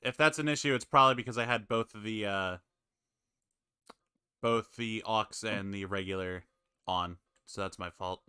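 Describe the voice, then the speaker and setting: A man's voice: lowish voice, normal speed, long pauses, bright, forceful tone, clear, resonant tone, dry recording, studio quality. A man hosting a casual stream call with friends, muttering to himself while he fiddles with the stream setup. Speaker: stream host.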